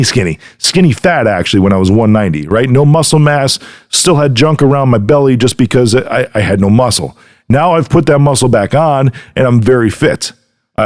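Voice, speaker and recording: A middle-aged podcast host delivers an earnest motivational monologue straight to the listener, frequently checking in with "right?". His voice is medium in pitch and a little mellow.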